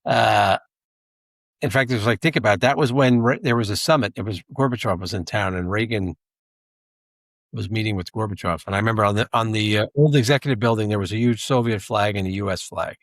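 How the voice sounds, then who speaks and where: A man's voice: on the low side, a little fast, no echo. A man co-hosting a podcast, talking in a rambling, casual way with asides and restarts. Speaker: podcast co-host, intelligence analyst.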